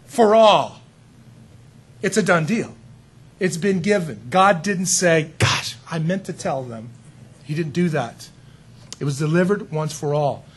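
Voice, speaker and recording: A man preaching a sermon in an animated, conversational way, with frequent asides to his listeners. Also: high voice, breathy edge.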